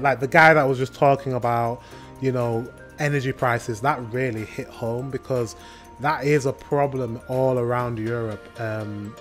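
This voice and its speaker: A British man hosting a reaction video, chatting casually and drifting off on tangents. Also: mid-range voice. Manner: rambling, goes off on tangents.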